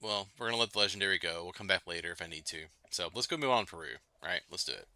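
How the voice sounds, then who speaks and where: A man hosting a late-night gaming livestream, chatting loosely with viewers, full of fillers and quick laughs. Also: sits low, animated, sharp tone, no echo. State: itchy nose. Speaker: livestream host. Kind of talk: casual gaming livestream chat.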